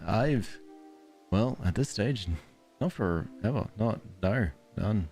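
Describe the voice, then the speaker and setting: A man's voice: fairly low pitch, animated, measured pace, creaky, a little mellow, soft background music. An Australian man streaming a game, chatting casually and drifting off into rambling stories. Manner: rambling, tangent-prone storytelling. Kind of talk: casual gameplay commentary.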